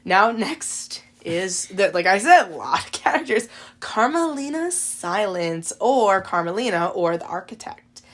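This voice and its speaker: At a measured pace, a podcast co-host with a medium-pitched voice swings widely in pitch as she chats casually about a video game. She's talkative and fills her lines with "like".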